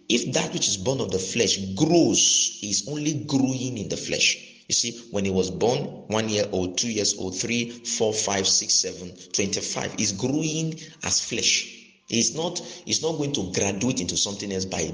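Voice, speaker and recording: Male preacher, low voice, teaching sermon, repeats phrases and checks in with the listeners. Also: fairly bright tone, poor audio.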